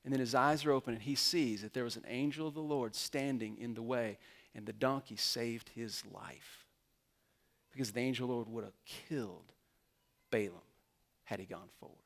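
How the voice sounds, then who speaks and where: A man preaching a sermon as pastor, retelling a story and acting out the characters' lines in quick quotes. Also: mid-range voice, fairly bright tone.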